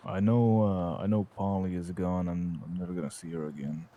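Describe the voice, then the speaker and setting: A man talking in character during a role-play game, casual and profane, with halting restarts. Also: deep voice, fairly even intonation, dark tone, highs cut off.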